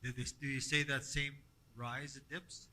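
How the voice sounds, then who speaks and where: Halting man teaching a class. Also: mid-range voice, level tone, pushed and bright, poor audio. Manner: halting, repeats words, asks the group questions. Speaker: language workshop instructor.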